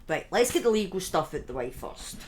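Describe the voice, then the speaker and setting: Woman, live streamer, low-ish voice, chatty, excitable, casual talk to viewers from home. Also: fairly quick, a little hiss or hum. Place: at home in front of a webcam.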